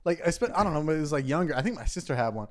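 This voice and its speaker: A man's voice: a little high, expressive, very fast. A young man co-hosting a podcast, telling stories with crude humor in casual chat. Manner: storytelling with acted-out voices, crude humor. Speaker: podcast co-host.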